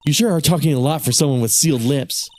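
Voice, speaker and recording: A man voicing a prickly old woman security guard in a shrill, cackling voice, reading game dialogue aloud. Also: fast talker, darkish tone, natural voice. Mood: stubborn.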